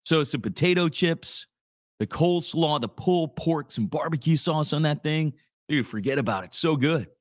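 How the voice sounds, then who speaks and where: Man, radio morning host, higher-pitched voice, laid-back and chatty, dry close sound. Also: a bit bright, no echo. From Louisiana. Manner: laid-back, chatty, says dude a lot. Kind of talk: casual live radio talk with ad reads. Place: small home office studio.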